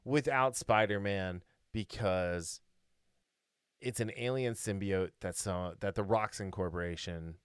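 A man's voice: deep voice, smooth, no room sound, clean studio sound. A man co-hosting a podcast in casual chat, rambling and opinionated, with many fillers and restarts. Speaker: podcast co-host.

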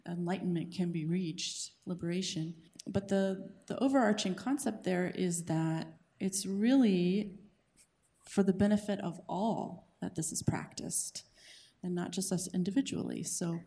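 Woman host, low and mellow, measured explainer. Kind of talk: explanatory talk and guest introduction.

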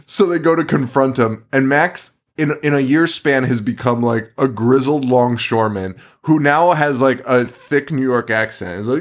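On a relaxed horror movie podcast, a male co-host recounts the plot in a loose way, swearing and laughing as he goes. He speaks unhurriedly in a mid-range voice.

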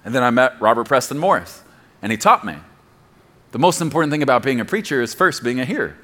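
A man's voice: mid-range voice, expressive, fast talker, a bit bright. A man preaching a sermon as pastor, emphatic and appealing directly to the congregation, repeating key phrases for stress.

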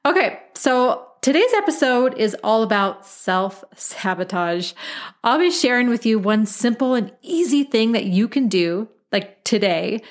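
Give me a candid woman podcast host in her thirties, chatty and direct. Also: a little high. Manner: candid, chatty, peppered with mild swearing. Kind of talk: casual podcast monologue.

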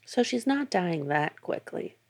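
A woman's voice: fairly low pitch, sing-song, a little slow, a little mellow. A woman co-hosting a podcast who answers with short replies and asks brief questions in casual chat. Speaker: podcast co-host.

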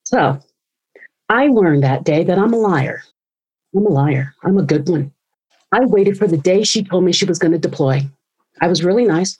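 A woman in her forties telling her story as an interview guest, animated and acting out the people she quotes. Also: mid-range voice, normal speed, poor audio. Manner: animated, acts out quoted voices. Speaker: guest speaker and author.

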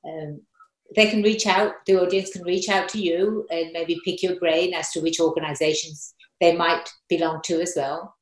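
A woman's voice: lowish voice, steady tone, normal speed. A woman hosting an interview show, upbeat and encouraging, recorded with a roomy echo. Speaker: host.

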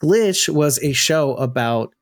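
Male co-host, lively pitch, dry close mic, casual joking fan chat. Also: slow, no echo. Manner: joking, laughs often, explains at length. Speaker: podcast co-host.

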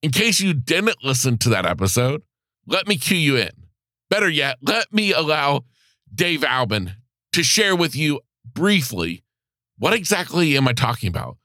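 A man's voice: a little high, sing-song, normal speed, pushed and bright, no echo, clean studio sound. A male podcast host talking straight to his listeners in an earnest, encouraging, motivational way. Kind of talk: motivational solo podcast talk.

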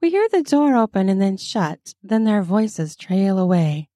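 Woman narrator, erotic story, very slow, mellow dark tone, dry close sound. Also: mid-range voice, sing-song, no echo. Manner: intimate, unhurried storytelling.

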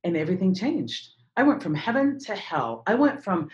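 Speaking at a moderate pace with hardly any pauses, this medium-pitched woman in her forties, a speaker and trainer, recounts a dramatic story during an interview. She's an animated storyteller who performs other people's voices, and the recording's highs are cut off.

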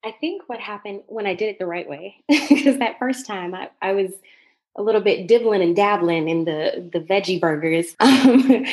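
A woman's voice: fairly low pitch, a little mellow. Woman, Jamaican accent, slight Southern drawl, earnest, laughing often, faith testimony. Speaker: guest. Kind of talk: testimony in casual chat.

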